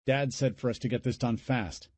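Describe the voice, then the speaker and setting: A man's voice: mid-range voice, fairly even intonation, normal speed, a little mellow, no room sound, lightly acted. A man voicing a weary, rattled older brother who is a cop, in an audiobook. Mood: exasperated. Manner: exasperated, curt.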